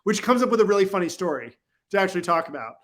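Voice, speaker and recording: Guy on a podcast with a pretty high voice, rambles a lot, keeps saying like and you know. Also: very animated, very fast, fairly bright tone. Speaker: guest. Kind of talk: casual storytelling. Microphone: podcast microphone.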